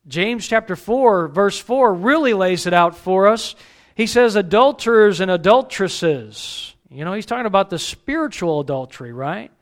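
High-voiced man preaching a chatty sermon. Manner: conversational preaching with rhetorical questions. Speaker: pastor.

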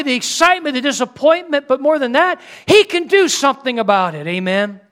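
A middle-aged male pastor preaching a sermon with dynamic delivery, swinging between loud exclamations and hushed lines. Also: very high voice.

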